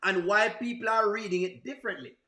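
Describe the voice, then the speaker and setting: A man's voice: sits high, fairly quick, sharp tone, roomy sound. A man with a Jamaican accent chatting casually on a livestream, answering viewers, laughing often and exclaiming to himself. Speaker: livestream host.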